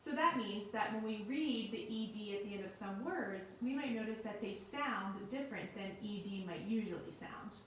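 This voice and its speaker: A woman teacher giving a recorded lesson in a slow, clear and patient way. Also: mid-range voice, a bit bright, slight background noise. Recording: very echoey room, mic at a distance.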